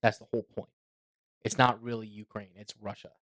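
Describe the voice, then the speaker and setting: A man co-hosting a podcast in casual chat, animated and opinionated, laughing often. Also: on the low side, brisk, dry recording. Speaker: podcast co-host.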